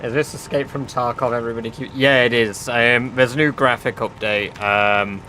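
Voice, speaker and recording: Bright-voiced streamer, laid-back. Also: male voice, medium pitch, moderate pace, a little hiss or hum. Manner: relaxed, reads chat aloud, swears offhandedly. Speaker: game streamer. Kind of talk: casual livestream chat while gaming.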